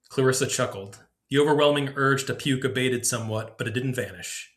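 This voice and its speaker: A man reads his own story aloud on his podcast. His narration is measured and descriptive, at a middling pitch. He keeps a steady storytelling pace. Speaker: podcast host.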